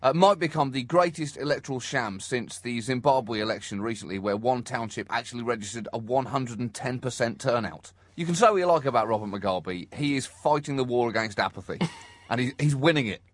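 A man's voice: medium pitch, brisk, no room sound. A man co-hosting a comedy podcast, riffing with wry, mock-indignant satire.

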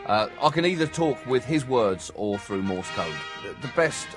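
A man's voice: mid-range voice, animated, moderate pace, over music. A man co-hosting a comedy podcast, riffing with wry, mock-indignant satire.

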